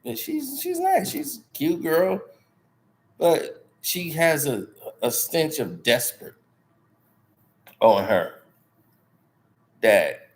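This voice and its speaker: Gravelly, high-voiced man telling stories. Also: slow pace, long pauses. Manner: animated, slangy, laughs often. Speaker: channel host. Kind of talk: casual storytelling.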